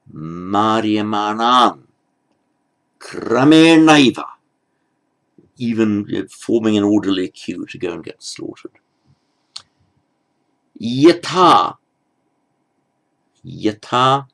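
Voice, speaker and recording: Slow, gravelly man teaching a lesson. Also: fairly low pitch. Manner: slow, careful, stepwise explaining; pronounces foreign words slowly with emphasis. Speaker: Sanskrit teacher. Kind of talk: lecture.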